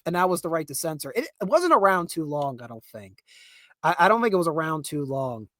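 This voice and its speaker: A man's voice: on the high side, expressive, a little fast, a bit bright, dry recording, studio quality. A young man with a Pittsburgh accent, hosting a podcast and ranting casually, laughing and restarting as he goes. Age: young adult. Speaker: podcast host. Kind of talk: casual rant.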